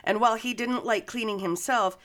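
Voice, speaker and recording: A woman's voice: fairly high pitch, fairly even intonation, a little fast, fairly bright tone. Woman telling true crime casually. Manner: profane, joking, conversational. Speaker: podcast co-host.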